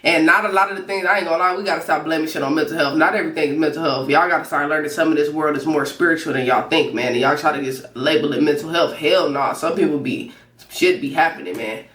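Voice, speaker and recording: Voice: mid-range voice, fairly even intonation, quick pace, a bit bright. A reaction video host giving casual commentary, slangy and emphatic, talking back at the screen. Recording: roomy and distant from mic.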